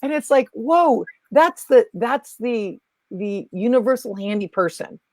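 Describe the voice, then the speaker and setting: A woman's voice: fairly high pitch, expressive, measured pace, a little mellow, no echo. A woman guest teaching about spiritual energy, talking emphatically and repeating key phrases. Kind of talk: teaching talk.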